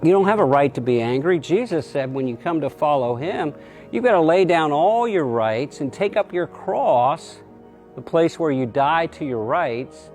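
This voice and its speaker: A middle-aged pastor giving a short, plainspoken sermon and acting out quoted voices. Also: male voice, animated, moderate pace, darkish tone, soft background music. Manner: acts out quotes with raised pitch.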